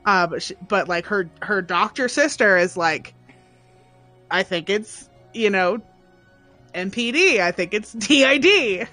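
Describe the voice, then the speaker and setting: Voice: mid-range voice, expressive, measured pace, bright, forceful tone, soft background music. A podcast co-host in casual chat, rambling with many fillers and restarts.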